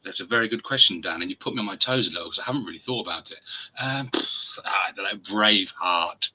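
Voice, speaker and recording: A man's voice: low voice, fast, bright, forceful tone, husky, low-quality recording. A man in his forties hosting a podcast, chatting enthusiastically and rambling with fillers. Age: 40s. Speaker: podcast host. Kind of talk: casual chat.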